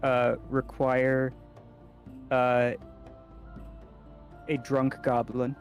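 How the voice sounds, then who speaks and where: A man's voice: mid-range voice, completely flat delivery, drawn-out words, soft background music. A man playing in a tabletop game, talking casually and hesitantly with many fillers. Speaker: player.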